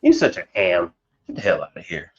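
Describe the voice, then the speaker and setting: A man's voice: low voice, wildly swooping pitch, a little fast. A man, an appliance technician, chatting casually on a livestream, often restarting his sentences. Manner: casual, repetitive, starts over a lot. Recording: dull sound with faint music.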